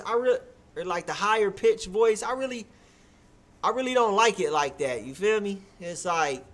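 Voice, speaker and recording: A man hosting a live music review show, chatting casually in loose slang and filling his talk with "like" and "you feel me". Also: sits high. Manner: hyped and loud when cheering a track. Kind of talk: casual live-stream commentary.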